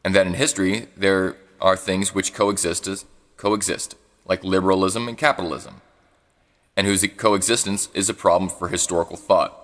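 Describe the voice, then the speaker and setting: With a deep, slightly bright voice and fairly even intonation, a man reads a philosophy book live as long reverb hangs behind him. He stumbles and restarts to correct misreadings, adding asides over foreign words he's unsure of.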